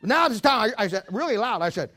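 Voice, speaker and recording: High-voiced joking preacher man. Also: very animated, fast, sharp tone. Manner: rambling, joking storyteller; preaches while walking about. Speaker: pastor. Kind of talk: sermon.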